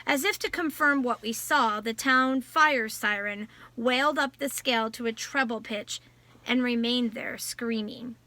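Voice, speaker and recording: A woman reading a novel aloud in a measured storytelling voice. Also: a little high, pushed and bright, no room sound. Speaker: audiobook narrator. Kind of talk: scripted novel narration.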